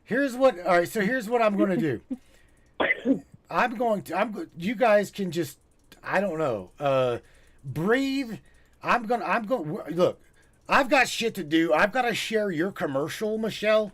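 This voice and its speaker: A man's voice: sits high, lively intonation, a little slow, dry recording. A male host of a live call-in show who jokes, laughs and swears while taking callers. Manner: laughing, profane, joking. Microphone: studio mic.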